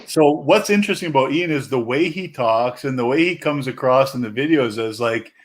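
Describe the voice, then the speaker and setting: A man's voice: mid-range voice, expressive, fairly quick. A man hosting a casual chat, rambling and searching for his words.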